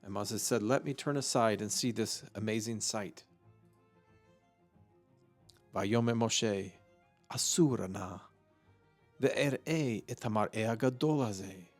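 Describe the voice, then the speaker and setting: A man giving an unscripted vocabulary lesson, slow and halting, thinking aloud with many fillers. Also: on the low side, faint music behind. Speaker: Hebrew vocabulary teacher.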